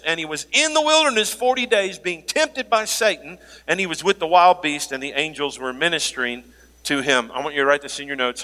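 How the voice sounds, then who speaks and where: A man preaching a sermon as pastor, animated, joking aside and laughing now and then. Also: fairly high pitch. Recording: long hall reverb.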